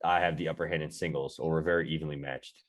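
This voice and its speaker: Man, podcast host, low deep voice, teasing, casual chat. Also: fairly even intonation, fast. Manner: teasing, joking, laughs often.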